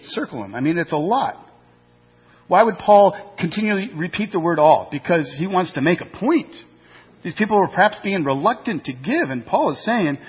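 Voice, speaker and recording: A male pastor preaching a sermon, animated, with rhetorical questions and acted-out asides. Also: a little high, breathy edge. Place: church sanctuary. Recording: muffled church hall recording with long reverb.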